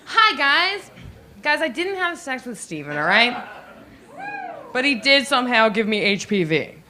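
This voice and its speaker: A woman's voice: on the high side, big pitch swings, unhurried, bright, forceful tone. A young woman doing a stand-up set, bubbly and giggly, acting out little voices as she goes. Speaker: stand-up comedian. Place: comedy stage, live audience.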